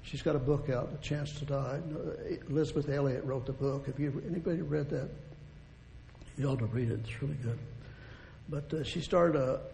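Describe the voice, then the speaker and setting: A man's voice: steady tone, moderate pace, vocal fry, dark tone. A man preaching a sermon in a folksy, rambling way, restarting phrases and chuckling as he goes. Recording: long hall reverb, faint rumble.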